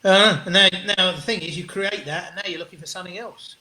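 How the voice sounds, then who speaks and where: A man, a comedian guest telling animated, sweary stories in an interview and acting out what people said. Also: high voice, quick pace. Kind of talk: storytelling interview chat. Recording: roomy echo.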